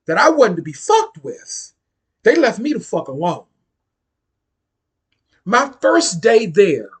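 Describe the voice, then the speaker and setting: A man in his forties from the Washington, D.C. area tells a personal story to camera in a casual vlog monologue. His husky, slightly breathy, somewhat bright voice swings widely in pitch, and he's blunt and profane, repeating phrases to drive his points home.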